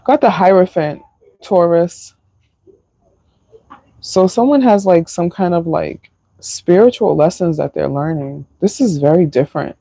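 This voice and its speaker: Woman tarot reader, slow and emotional, dry close sound. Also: on the low side, warm tone, no room sound. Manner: slow, emotional, sighing, filler-heavy. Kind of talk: live-stream tarot reading.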